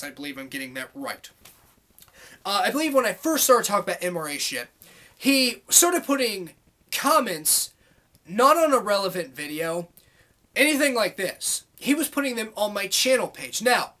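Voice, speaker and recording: A YouTuber venting in a long monologue to camera, heated and rambling, packed with swearing and loose fillers. The voice sits at a middling pitch. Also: bright, forceful tone. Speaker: YouTube vlogger. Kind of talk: angry monologue rant to camera.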